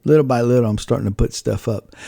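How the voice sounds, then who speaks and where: A man with a gravelly, mellow voice hosts a casual faith-based podcast. He rambles and reflects aloud, often restarting his sentences, and sounds dry and close to the mic. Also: mid-range voice, fast, no echo. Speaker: podcast host.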